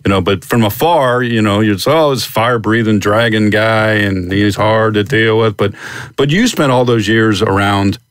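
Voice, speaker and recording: Low-voiced reflective podcast host. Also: male voice, normal speed, smooth, no room sound, studio quality. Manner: reflective, thinks aloud with fillers. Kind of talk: conversational interview.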